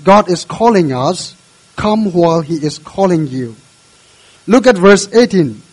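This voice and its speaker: A male pastor delivers a sermon in an earnest, measured way, exhorting the congregation. His voice sits high for a man. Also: expressive, a little mellow, low-quality recording.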